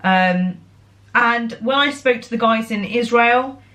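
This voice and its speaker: A young woman, chatting casually to her viewers as a vlogger, excitable and full of fillers and restarts. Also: fairly high pitch, slow. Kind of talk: casual chat.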